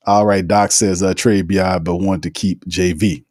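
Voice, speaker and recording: A man's voice: low-pitched, fairly even intonation, moderate pace, a little mellow, dry recording, clean studio sound. A man hosting a casual sports podcast, talking in an emphatic, slangy, teasing way and reading out live chat comments. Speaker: podcast host.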